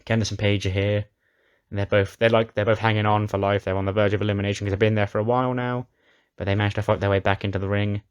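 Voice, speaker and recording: A man's voice: on the low side, level tone, fast talker, smooth. A man casually recapping a wrestling simulation game, chatty and often restarting his sentences. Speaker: game commentator.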